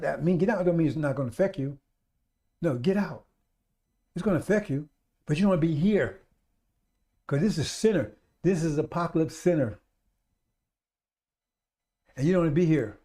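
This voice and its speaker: A man's voice: on the high side, expressive, moderate pace, long pauses, warm tone. Emphatic, repetitive male radio preacher. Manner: repetitive, emphatic exhortation to brothers and sisters. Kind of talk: live-streamed radio sermon.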